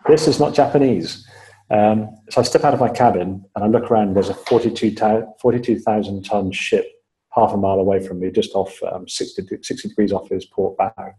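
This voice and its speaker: A man's voice: lowish voice, fairly quick, dark tone, poor audio. A man being interviewed on a podcast, telling his story step by step with frequent fillers and repeated phrases for emphasis. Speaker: podcast guest.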